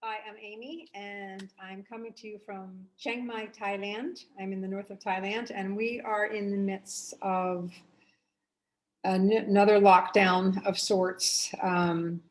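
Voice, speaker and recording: A woman's voice: mid-range voice, fairly even intonation, takes it slowly, slight background noise, poor audio. Chatty woman teaching painting. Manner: chatty, upbeat, rambling with fillers like "anyway". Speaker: art teacher and host. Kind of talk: casual painting tutorial.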